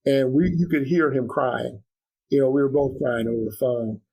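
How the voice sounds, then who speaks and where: Interview guest, middle-aged man, earnest and reflective, mid pitch. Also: moderate pace, vocal fry, darkish tone, breathy edge, poor audio. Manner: earnest, reflective, many restarts and fillers. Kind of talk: conversational interview.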